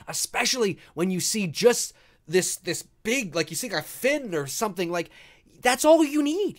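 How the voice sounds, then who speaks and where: Man, host of a casual live movie commentary. Excitable and profane, with a lively, swinging pitch. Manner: excitable, swears freely, reads chat aloud.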